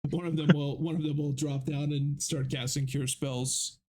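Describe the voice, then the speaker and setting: A man narrating a tabletop game as game master, halting and full of fillers. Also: fairly high pitch, little pitch movement, mellow.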